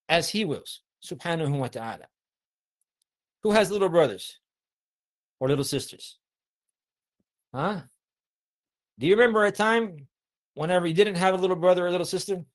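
Man, high voice, preacher, sermon to young listeners, keeps asking questions, recites and translates Arabic verses. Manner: asks the audience many questions. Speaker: Islamic preacher.

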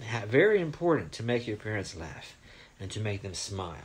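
Gentle man teaching young children. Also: lowish voice, very animated, fairly quick. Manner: asks questions, checks in with "huh?". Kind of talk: storytelling lesson for children.

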